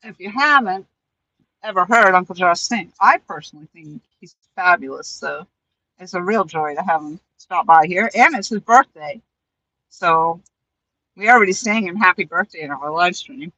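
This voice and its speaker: A woman's voice: lowish voice, expressive, normal speed, bright, forceful tone, low-quality recording. A woman hosting a live stream, chatting casually with viewers and friends and laughing often. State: talking with a mouth full of cookies.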